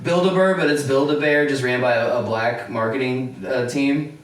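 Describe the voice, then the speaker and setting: A comedian rambles and laughs in casual podcast talk. His voice sits mid-pitch and carries a heavy room echo, picked up from some distance. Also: moderate pace. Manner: laughs often, loose and rambling. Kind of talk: casual chat.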